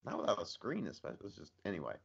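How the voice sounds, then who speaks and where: A man's voice: low-pitched, wildly swooping pitch, rapid-fire, creaky, husky. A man co-hosting a podcast, chiming in with wry jokes in casual chat. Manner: wry, joking interjections. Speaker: podcast co-host. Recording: dull lo-fi sound.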